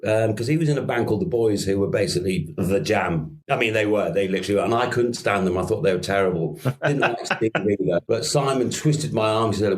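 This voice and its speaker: A middle-aged musician from Merseyside, England, speaks with a Scouse accent in a lowish, slightly fast voice as a podcast interview guest. He rambles through anecdotes, laughing and swearing casually.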